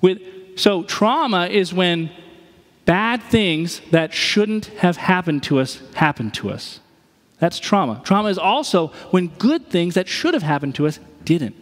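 High-voiced pastor preaching in a hall. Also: male voice, expressive, measured pace. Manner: conversational, acts out quoted voices. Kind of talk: sermon.

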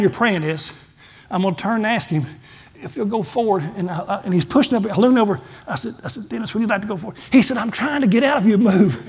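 A middle-aged man, a pastor giving a folksy testimony sermon and acting out the dialogue in his stories. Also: sits high. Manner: folksy storytelling, acts out dialogue, gets emotional.

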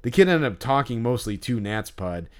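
A man in a casual podcast chat, his voice sitting at an ordinary middle pitch. He rambles through an anecdote, full of ums, restarts and offhand swearing. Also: sing-song, normal speed, smooth. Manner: rambling storyteller, many fillers and restarts, swears freely. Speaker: podcast co-host.

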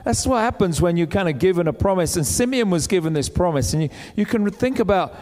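A man's voice: high-pitched, expressive, fast, a little mellow, long reverb tail. A man preaching a sermon in a chatty, storytelling way, acting out the voices of the people he describes. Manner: conversational, acts out quoted voices.

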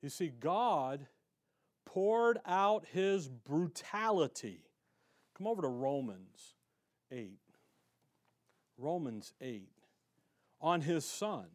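Excitable, animated male preacher, fairly high voice. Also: extremely slow, pauses often. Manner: excitable, animated, shifting between loud emphasis and quiet asides. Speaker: pastor. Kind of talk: sermon. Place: church sanctuary.

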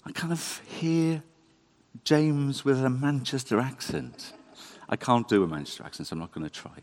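A man giving a conversational, animated sermon in a church. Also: medium pitch, brisk. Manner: conversational, animated, self-deprecating. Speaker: preacher.

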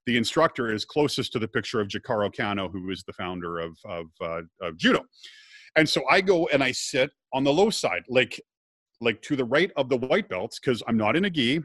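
A middle-aged man, a guest in a relaxed conversation, tells a personal story with lively energy and slips into the voices of the people in it. His voice sits at an ordinary pitch, and the sound is dry and close, with no room echo. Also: fairly quick. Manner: lively storyteller, acts out quoted dialogue.

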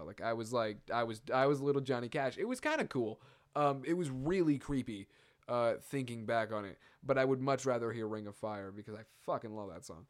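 Young man, podcast host, casual solo chat, rambling, swears a lot, mid-pitched voice. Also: a little fast. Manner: rambling and profane, many fillers and asides.

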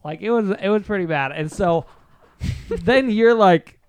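High-voiced young man telling a story. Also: a little slow, smooth, no room sound. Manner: swearing, animated retelling. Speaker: podcast co-host. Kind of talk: casual storytelling chat.

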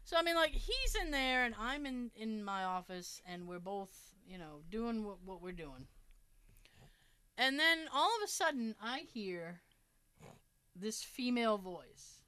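Lively high-voiced woman telling a story. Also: a little slow, clean tone, no echo. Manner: animated, swears freely, acts out voices in her story. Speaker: podcast host telling a story. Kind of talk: casual chat, storytelling.

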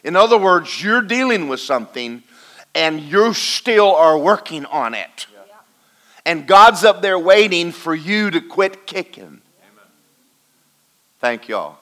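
A man preaching a folksy sermon to a congregation, swinging between loud and quiet. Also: high-pitched, sing-song, takes it slowly. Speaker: pastor. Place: church in front of a congregation.

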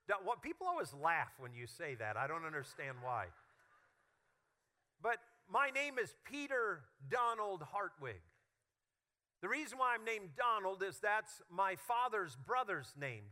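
A male pastor preaching a sermon with humorous, animated storytelling. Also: high-pitched.

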